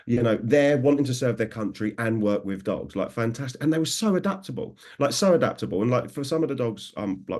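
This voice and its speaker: A man in his thirties with a fairly low voice speaks as a dog trainer in a relaxed interview. He sounds enthusiastic and often acts out the remarks of the people he worked with. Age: 30s. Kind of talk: conversational interview.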